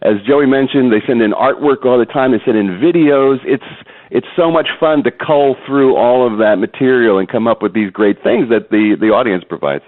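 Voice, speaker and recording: A man being interviewed about voice acting and impressions, talking in an animated way and slipping into impressions. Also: mid-range voice, normal speed. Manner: animated, jokes and slips into impressions. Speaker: guest voice actor and impressionist. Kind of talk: phone interview. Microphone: phone. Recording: tinny phone line.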